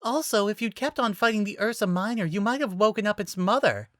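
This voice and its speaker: Gentle shy young druid woman, soft and sweet, pitched high and lively, voiced by the narrator, dry close sound. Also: brisk, no room sound, natural voice.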